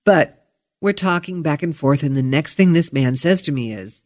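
A woman hosting a podcast, telling a travel story in a chatty, candid way with bursts of excitement. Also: sits low, moderate pace. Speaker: podcast host. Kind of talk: casual storytelling monologue.

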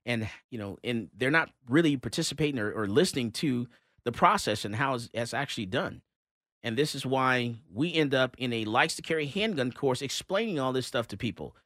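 A man hosting a talk radio show, telling a story in a casual, animated way with many fillers and restarts. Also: mid-range voice, a little fast, dry recording, studio quality.

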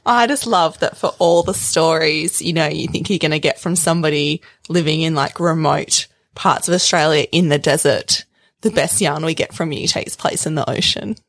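A woman's voice: deep voice, moderate pace, no echo. A woman interviewing a guest in a casual, teasing and amused way.

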